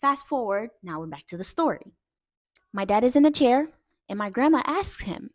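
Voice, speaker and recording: A woman casually telling a family story to her viewers in a lively, chatty way. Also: a little high, moderate pace, no room sound.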